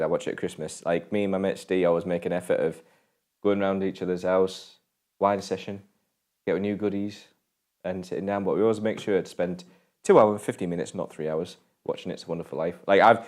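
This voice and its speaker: Sweary low-voiced British co-host. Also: male voice, a little mellow. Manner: sweary, rambling, jokey. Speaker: film podcast co-host. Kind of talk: casual film review chat.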